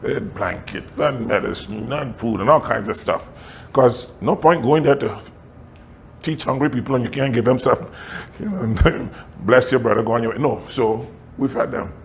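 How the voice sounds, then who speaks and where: Pastor, male, mid-pitch, animated sermon storyteller. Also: moderate pace, gravelly, a little hiss or hum. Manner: animated, laughs often, acts out quotes.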